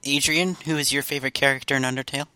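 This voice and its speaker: A man hosting a casual group chat, upbeat and quick to laugh. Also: medium pitch, fairly even intonation, pushed and bright, clean tone, dry recording. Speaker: podcast host.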